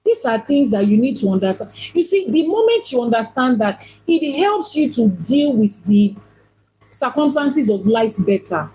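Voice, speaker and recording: A woman's voice: fairly high pitch, sing-song, normal speed, mellow, a little hiss or hum, poor audio. A woman giving a spiritual teaching talk as an Ifá priestess, emphatic and repeating phrases for stress.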